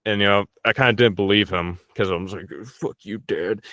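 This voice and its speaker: A man's voice: lowish voice, fairly even intonation, fast talker, sharp tone, no room sound, clean studio sound. A young man, a voice actor, chatting casually and jokingly in an interview, swearing freely. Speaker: voice actor guest.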